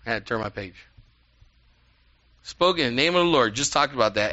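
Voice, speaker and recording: Man preaching, lively and conversational, very bright, forceful voice. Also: mid-range voice, fairly quick, long pauses. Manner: animated, conversational preaching with asides. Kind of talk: sermon. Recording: dull lo-fi sound.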